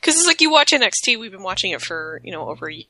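A woman co-hosting a casual wrestling podcast, chatting in a relaxed, easygoing way. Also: medium pitch, fast talker, no echo. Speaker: podcast co-host. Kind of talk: casual chat.

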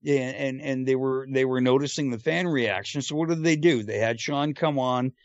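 A man's voice: mid-range voice, normal speed, no echo, highs cut off. A man co-hosting a podcast, talking through points hesitantly with many ums and uhs. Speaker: podcast co-host. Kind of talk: casual podcast talk.

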